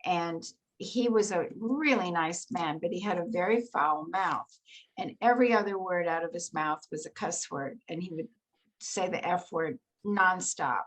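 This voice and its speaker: An older actress, a guest on a video call, telling stories from her career in an animated, anecdotal way. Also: lowish voice, normal speed, rough recording. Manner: animated anecdotal storytelling with laughs. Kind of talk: storytelling in an interview.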